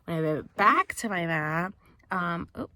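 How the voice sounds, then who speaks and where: A woman's voice: fairly low pitch, expressive, measured pace, sharp tone, no room sound. A woman telling a personal story to her camera, chatty and loose, full of fillers, acting out what others said. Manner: chatty, full of "like" and "um", acts out quotes. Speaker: vlogger. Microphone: camera mic while filming herself.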